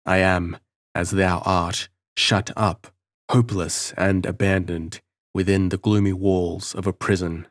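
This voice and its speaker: A man's voice: deep voice, flat delivery, unhurried, no room sound, studio quality. A man voicing a desperate imprisoned male monk who speaks in an anguished, declamatory way. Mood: pitying.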